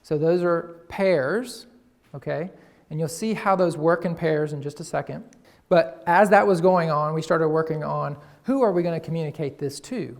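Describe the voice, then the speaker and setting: A man presenting a tourism marketing campaign to an audience, energetically pitching ideas and playing on words. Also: normal speed, gravelly. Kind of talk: presentation to local business audience.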